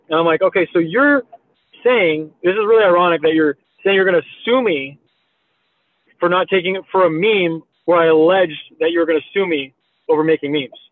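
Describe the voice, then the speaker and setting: A man's voice: high voice, brisk, no room sound. Guy in his 30s rambling thru a story, swears a lot, lo-fi phone-ish sound. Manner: rambling, profane, full of "like" and "you know". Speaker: meme creator guest. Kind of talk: casual storytelling in a podcast chat. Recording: tinny phone-like audio.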